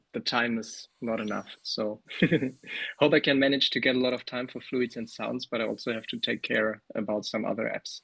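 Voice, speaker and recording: A man being interviewed as a guest developer, talking in a relaxed, hesitant way with plenty of fillers. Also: medium pitch, creaky, breathy edge, low-quality recording. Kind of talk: casual interview over a call.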